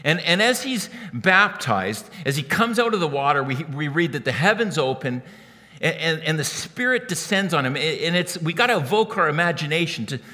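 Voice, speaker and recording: Pastor, male, lively bright delivery, stammering restarts, big hall echo. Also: a little high, moderate pace. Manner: animated, repeats words when starting phrases. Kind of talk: sermon.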